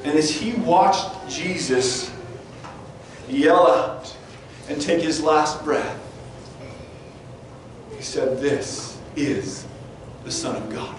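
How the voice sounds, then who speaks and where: A man preaching a sermon and reading scripture aloud, his voice climbing high and loud for the mockers and dropping low and quiet for the somber moments. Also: very slow, long pauses. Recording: distant mic in a very echoey room with faint noise.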